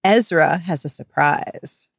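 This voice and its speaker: A woman's voice: sits low, slow pace, creaky, husky. Wry woman summing up a book plot. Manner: wry summarizer with blunt asides. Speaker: podcast co-host. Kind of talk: casual book recap chat.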